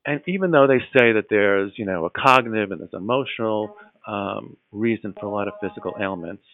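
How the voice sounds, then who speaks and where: A man's voice: lowish voice, brisk. A man telling a personal story in a casual, earnest way, with many fillers and restarts and growing enthusiasm. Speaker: guest telling his story. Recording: tinny phone-like line.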